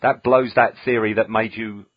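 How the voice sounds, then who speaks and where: A man's voice: on the low side, steady tone, normal speed, no echo, lo-fi sound. A man hosting a casual podcast chat, musing aloud with dry jokes and many fillers. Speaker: podcast host.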